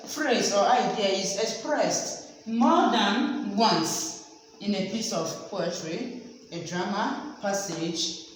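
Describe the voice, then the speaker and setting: Lady teacher going over examples slow and repeats em, super echoey room w/ long reverb. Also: a little high. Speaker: literature teacher. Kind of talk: classroom lecture. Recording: very echoey room, faint background noise.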